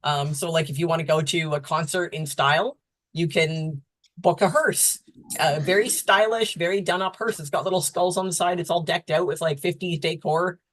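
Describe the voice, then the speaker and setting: A woman's voice: fairly low pitch, steady tone, normal speed, no room sound. A woman panelist on a casual live-streamed show, telling a story in a cheerful, enthusiastic way. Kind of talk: casual chat.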